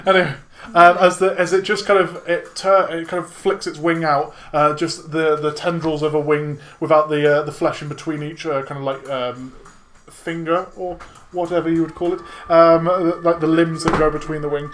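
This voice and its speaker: A man's voice: a little high, little pitch movement, normal speed, fairly bright tone. A man running a tabletop game as dungeon master, narrating in a chatty way with lots of fillers and laughs.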